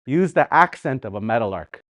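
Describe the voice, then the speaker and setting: An animated man teaches a live language class, repeating words slowly so students can practise and sometimes singing phrases to show their melody. His voice is mid-range, and the studio-quality audio has no echo.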